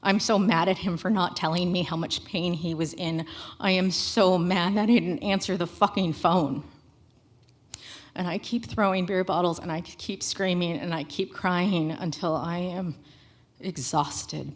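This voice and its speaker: A woman's voice: on the low side, steady tone, unhurried. A woman telling a candid first-person story on stage at a live storytelling show, in a plain conversational way. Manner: candid, conversational, matter-of-fact.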